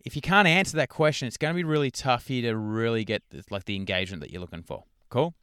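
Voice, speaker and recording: A man's voice: medium pitch, fast talker, heavy background noise. A man hosting a podcast as a coach, talking casually and conversationally and often checking in with the listener. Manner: conversational, frequent "right?" check-ins. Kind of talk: casual solo podcast talk.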